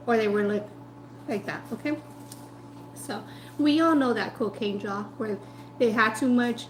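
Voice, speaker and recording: A woman food vlogger telling a story in a chatty, animated way while eating, full of "like" and asides. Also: on the high side, a little slow, pauses often, reverberant, a little hiss or hum, poor audio.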